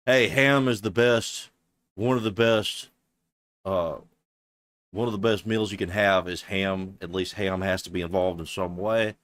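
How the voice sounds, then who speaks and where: Low-voiced sarcastic male streamer. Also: clear, resonant tone, dry recording. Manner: incredulous, sarcastic, swearing. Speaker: streamer reacting to a clip. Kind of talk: mocking reaction commentary.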